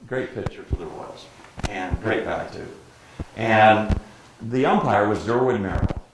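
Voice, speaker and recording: A man in his sixties who grew up in Detroit, a sportscaster speaking as guest, telling lively anecdotes and acting out quotes with frequent laughter. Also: fairly low pitch, a little slow. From Detroit, USA. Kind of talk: anecdotal storytelling talk. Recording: very echoey room, faint background noise.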